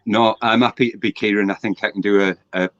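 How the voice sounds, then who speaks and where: A man's voice: on the low side, fairly even intonation, quick pace, fairly bright tone, dry recording. A man joining a live stream as a guest, joking and mocking himself in casual chat. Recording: dry, dull lo-fi audio.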